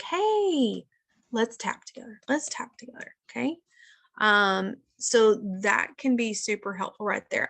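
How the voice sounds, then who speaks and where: Chatty woman with a gravelly voice. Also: medium pitch, fairly bright tone. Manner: chatty, keeps addressing listeners as guys. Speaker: wellness session leader. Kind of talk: casual live teaching session.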